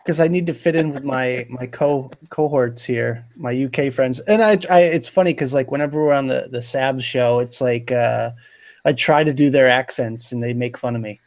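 A man's voice: mid-range voice, moderate pace, darkish tone. A man in casual live-stream chat, joking in easygoing banter.

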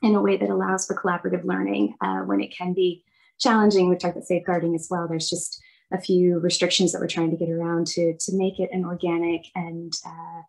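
A woman's voice: fairly low pitch, brisk, a little mellow, low-quality recording. A woman reporting back for her group in a webinar, speaking thoughtfully on a video call with some fillers. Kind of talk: casual spoken group report.

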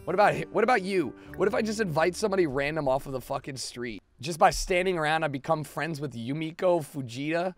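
A young man giving profane, excitable let's play commentary as a gaming video host, now and then bursting into shouts. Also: a little high, fast, few pauses, no echo, faint music behind.

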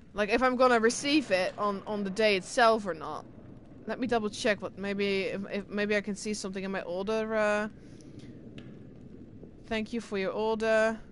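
A woman streamer chatting casually with her live viewers, excitable and talkative as she answers chat. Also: medium pitch, a little hiss or hum. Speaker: game streamer.

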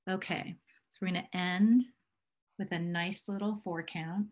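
Slow-speaking woman in her fifties. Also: fairly low pitch. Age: 50s. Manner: calm, encouraging, counts breaths slowly. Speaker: workshop presenter. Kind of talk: guided talk and breathing exercise.

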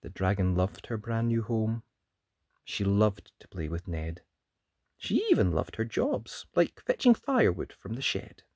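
Male read-aloud narrator, leisurely and very expressive, dry close mic. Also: unhurried, no room sound. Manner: lively sing-song storytelling, big swoops in pitch. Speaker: storybook reader. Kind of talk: read-aloud picture book in rhyme.

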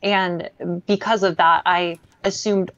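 A woman calling in as a viewer, chatting candidly and softly in a casual talk. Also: medium pitch, steady tone, takes it slowly, no room sound, highs cut off. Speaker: viewer and caller. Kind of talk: casual chat.

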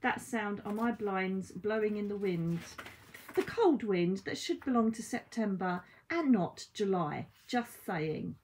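A woman giving a casual oracle card reading at home, chatty and blunt, with swearing and lively asides. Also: medium pitch, unhurried, a little hiss or hum. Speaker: psychic card reader. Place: at home by window blinds.

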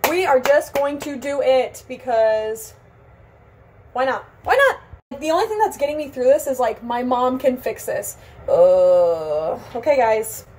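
A woman's voice: sits high, a little slow, dark tone, slight background noise, rough recording. A young woman chatting in a casual vlog, dramatic and self-mocking, with frequent gasps and exclamations. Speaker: beauty vlogger.

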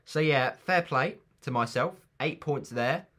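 A man's voice: medium pitch, unhurried, fairly bright tone. A man chatting casually in a football predictions vlog, rambling and teasing himself.

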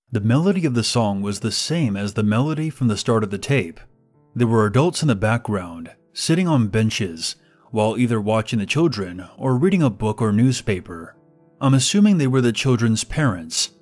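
A man narrating a horror story in a measured, deliberate way. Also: fairly low pitch, sing-song, darkish tone, soft background music.

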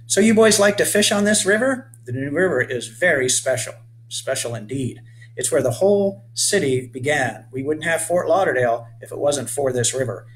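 A man's voice: fairly high pitch, lively intonation, normal speed, close to an everyday voice. A hearty, welcoming captain giving a little tour in a children's storybook, read by a man. He calls out greetings and explains things patiently, with a faint hum underneath. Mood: explaining. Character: friendly male boat captain, hearty tour guide.

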